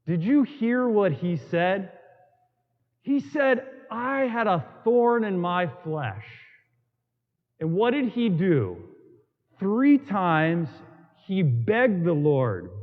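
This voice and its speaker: Animated high-voiced priest preaching. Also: male voice. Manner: storytelling with emphatic repetition and dramatic pauses. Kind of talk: sermon. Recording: tinny, in a long reverberant hall.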